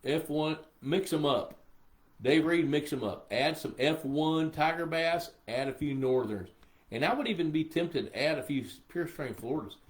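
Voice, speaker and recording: A man's voice: on the high side, expressive, moderate pace. An older man hosting a live pond management Q&A, rambling and a bit sleepy as he reads viewers' questions aloud. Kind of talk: casual live-stream Q&A.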